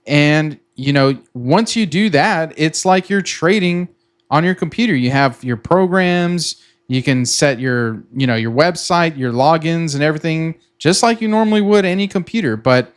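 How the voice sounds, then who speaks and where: A man's voice: fairly high pitch, normal speed, clean tone. A middle-aged man explaining a tech tool to viewers in a casual, rambling way, restarting often and acting out his own panicked reactions. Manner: chatty, repeats himself, acts out his own panicked reactions. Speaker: trading content creator. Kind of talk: casual explainer with sponsor pitch.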